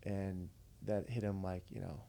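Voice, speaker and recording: Veteran podcast guest, man, deep and flat, warm gravel, easygoing storyteller. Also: a little slow. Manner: earnest, conversational, retells dialogue. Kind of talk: casual storytelling.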